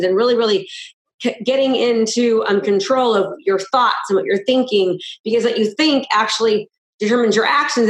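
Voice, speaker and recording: A woman's voice: on the high side, roomy sound. A woman hosting a casual interview, upbeat and encouraging with her guest. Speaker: interview host.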